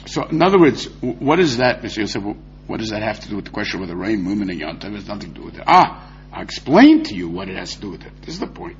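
A man giving a lively, argumentative Talmud lecture, acting out the rabbis he quotes. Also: mid-range voice, fairly quick, slight background noise. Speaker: Talmud teacher. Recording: dull lo-fi recording.

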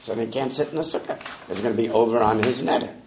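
A man's voice: mid-range voice, quick pace, roomy sound, noisy background. A man leading a Talmud study class, explaining the text step by step and quoting Hebrew and Aramaic phrases. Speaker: Talmud teacher.

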